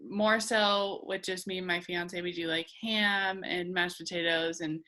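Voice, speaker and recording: Relaxed young woman chatting. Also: lowish voice, measured pace. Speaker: client in a mock speech exam. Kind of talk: casual chat.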